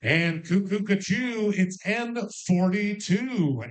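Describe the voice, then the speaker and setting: A man calling bingo numbers with playful rhymes and jokes, repeating each number slowly. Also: high voice, lively intonation. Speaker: bingo caller.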